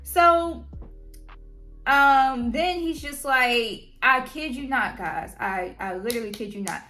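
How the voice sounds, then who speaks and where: A young woman recounts a personal story in a lively, slangy storytime manner. Her voice sits a little on the high side and swoops expressively as she goes. Soft music plays quietly beneath her. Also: slow pace. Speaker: vlogger. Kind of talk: casual storytime.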